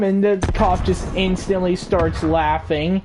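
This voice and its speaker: A woman's voice: on the low side, moderate pace, darkish tone. A woman casually telling a rambling, filler-heavy story while playing a video game. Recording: game noise with gunfire behind.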